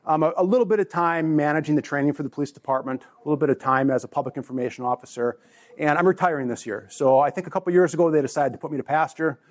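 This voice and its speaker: A man's voice: fairly high pitch, fast. A man in his forties, a conference presenter, speaking casually and jokingly to a live audience in a meeting room. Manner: chatty, joking, with restarts.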